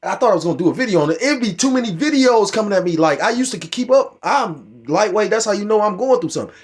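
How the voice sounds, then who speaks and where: Here a middle-aged religious commentator speaks quickly in a high-pitched, expressive voice. His commentary on scripture and current events is rambling, profane and heated, with many restarts.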